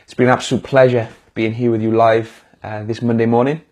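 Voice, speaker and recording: A man's voice: mid-range voice, little pitch movement, fairly quick, a little mellow. A man speaking as a motivational speaker on a live stream, encouraging viewers directly in a casual pep talk. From United Kingdom.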